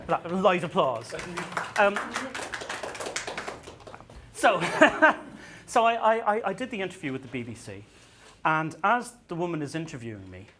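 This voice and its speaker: Lively, bright-voiced stand-up man. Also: fairly high pitch. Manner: self-deprecating, stammering restarts, acts out dialogue. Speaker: stand-up comedian. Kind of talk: stand-up comedy set. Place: comedy venue stage.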